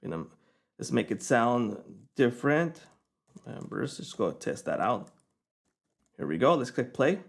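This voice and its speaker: A man at a middle pitch talks viewers through a piece of software in a relaxed, conversational way. He explains step by step and keeps checking in with a quick "okay?" as he goes. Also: vocal fry. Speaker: software reviewer. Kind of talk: screen-recorded software tutorial.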